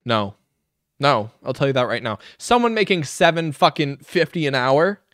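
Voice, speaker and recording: A man's voice: mid-range voice, very animated, normal speed, a bit bright, no echo, studio quality. A man reacting to a video with mocking, sarcastic, profane commentary. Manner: mocking, sarcastic, swears a lot.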